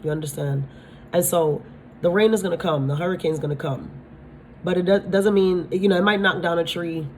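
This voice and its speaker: A woman's voice: on the low side, brisk, a little hiss or hum. A woman giving a spiritual tarot-style reading, talking bluntly, swearing freely and often asking her listeners if they understand. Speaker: tarot reader.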